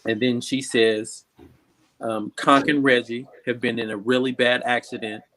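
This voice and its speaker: A man in casual conversation who gently asks questions and starts telling his side, with fillers. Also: medium pitch, level tone, measured pace. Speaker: co-speaker asking questions.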